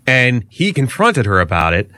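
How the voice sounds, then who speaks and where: A man's voice: mid-range voice, moderate pace, no room sound, studio quality. A man co-hosting a morning radio show, teasing and telling stories. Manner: teasing, animated storytelling. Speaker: radio co-host.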